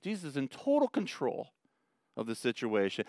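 Guy preaching a sermon, smooth clear voice, dry sound, gets dramatic telling the story. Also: medium pitch, normal speed, no echo. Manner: animated, dramatic retelling with rising emphasis. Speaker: pastor. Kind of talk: expository sermon.

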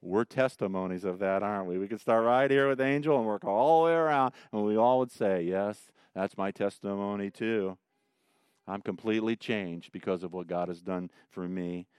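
Leading Bible study, this pastor teaches with down-home storytelling and lively jokes woven between verses. He speaks at a normal speed in a lowish, clean-toned voice, and the studio recording is clean with no echo.

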